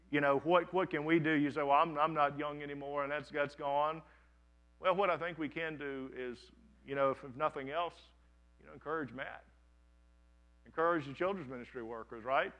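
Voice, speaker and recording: A man's voice: medium pitch, highs cut off. A man in his thirties, a pastor, giving a conversational sermon to a congregation and telling stories with frequent restarts. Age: 30s. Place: church sanctuary, before a congregation.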